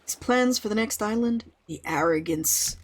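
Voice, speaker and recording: A woman reading aloud the lines of an ancient, weakened god who judges visitors, in a measured way. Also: medium pitch, animated, natural voice. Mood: aloof.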